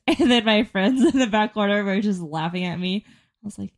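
A woman's voice: mid-range voice, moderate pace. A young woman co-hosting a podcast in casual chat, telling stories and often laughing mid-sentence. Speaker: podcast co-host.

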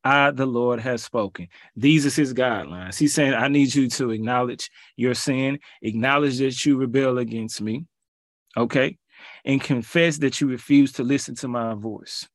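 A man's voice: mid-range voice, normal speed, no room sound, clean studio sound. A man preaching and reading scripture aloud, pleading with listeners and mixing in casual asides. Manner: pleading, rising to emphatic peaks; informal, colloquial asides.

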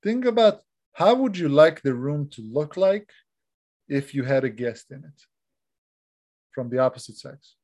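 A man's voice: fairly high pitch, lively intonation, measured pace, long pauses, darkish tone. Chatty male podcast co-host giving advice.

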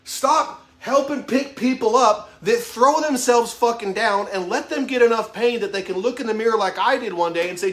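In an echoey room, a motivational vlogger in his thirties talks to camera with blunt, emphatic, heavily profane candor about his own weaknesses. His man's voice is very high-pitched and a bit bright, moving at a moderate pace with hardly any pauses.

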